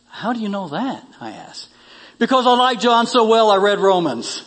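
A man's voice: sits high, big pitch swings, moderate pace, fairly bright tone, husky, long reverb tail. A male pastor delivering a sermon, reading a story aloud and rising in emphasis on key lines.

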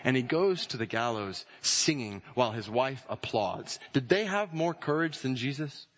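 A man's voice: lively intonation, normal speed, a bit bright. Preaching man building to fervent emphasis. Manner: builds to high, intense emphasis on key phrases; illustrates with stories and scripture references. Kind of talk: sermon.

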